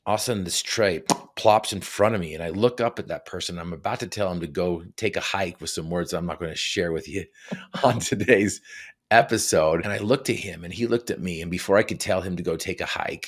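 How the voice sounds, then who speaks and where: A man's voice: deep voice, a little fast. A man telling his story as a podcast guest, earnest and motivational, repeating phrases for emphasis. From Utah. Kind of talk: storytelling in an interview.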